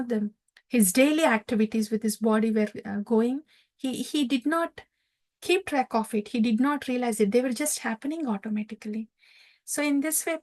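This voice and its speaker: A woman teaching a scripture class, telling the story in an animated way with fillers and laughs. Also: on the high side.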